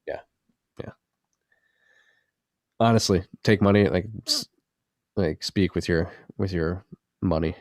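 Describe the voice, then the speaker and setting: Male podcast co-host with a low, gravelly voice; dry close sound; rambling, swears freely. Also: slow pace, pauses often, no echo. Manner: loose, rambling and profane. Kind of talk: casual podcast chat.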